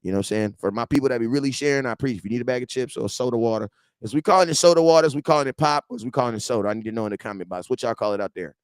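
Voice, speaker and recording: A man about forty hosting a casual football fan show from his garage, animated and slangy, swinging between loud outbursts and low asides. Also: rapid-fire, hardly any pauses, smooth, dry recording, clean studio sound.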